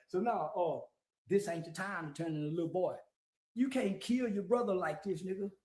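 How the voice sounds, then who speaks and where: A man's voice: sits high, reverberant, low-quality recording. A man giving casual, blunt, profane street commentary, full of slang and repeated "yeah". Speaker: guest commentator.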